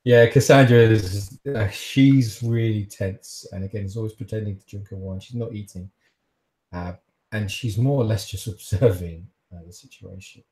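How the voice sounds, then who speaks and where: Low-voiced man running a tabletop game. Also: moderate pace, darkish tone. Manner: hesitant, rambling with fillers. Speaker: game master.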